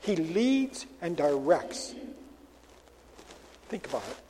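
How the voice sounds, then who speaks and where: A male preacher with a high voice delivers an emphatic sermon, pressing his points with rhetorical questions. His voice carries a long reverb, as in a large hall. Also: big pitch swings, takes it slowly, warm tone, a little hiss or hum.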